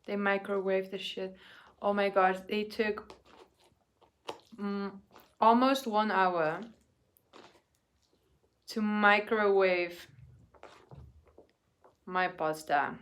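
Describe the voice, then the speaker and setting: A woman chatting casually in a food vlog, excitable and swearing, often breaking into laughter. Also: medium pitch, extremely slow, pauses often. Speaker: vlogger.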